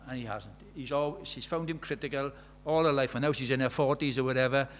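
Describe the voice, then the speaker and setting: A man preaching a sermon, conversational and animated, swinging from loud exclamations to quiet, intimate tones. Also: medium pitch, fairly quick, a little hiss or hum. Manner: conversational, uses quoted dialogue and filler words.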